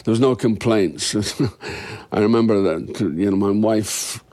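In a candid interview, an actor with a fairly low voice reflects thoughtfully and frankly, taking his time. Now and then he lets out a soft laugh.

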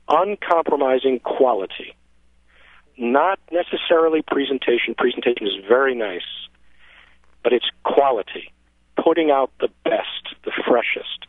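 A man phones in to a radio show and tells his story hesitantly, pausing often to search for words. The line is tinny and phone-like. The sound is dry and close. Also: medium pitch, dry recording. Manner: hesitant, with many fillers. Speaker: caller.

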